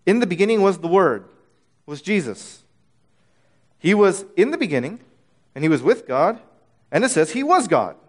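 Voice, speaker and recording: High, lively man teaching scripture. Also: normal speed, long pauses. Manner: earnest, repeats phrases for emphasis; frequent restarts and stammered words. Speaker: bible teacher. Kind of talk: bible teaching.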